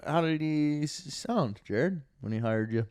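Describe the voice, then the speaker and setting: A man's voice: on the high side, lively intonation, unhurried, a little mellow, smooth, no echo, clean studio sound. Wisecracking Canadian man ribbing his co-host. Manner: teasing wisecracking banter. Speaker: podcast co-host. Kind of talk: casual comedic chat.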